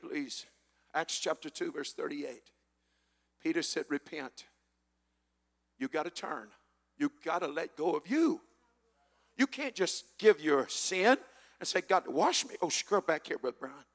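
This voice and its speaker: A man preaching a sermon as pastor, quoting scripture loudly and asking the congregation to repeat after him. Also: on the high side, vocal fry, long reverb tail. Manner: preaching with shouted scripture and call-and-response.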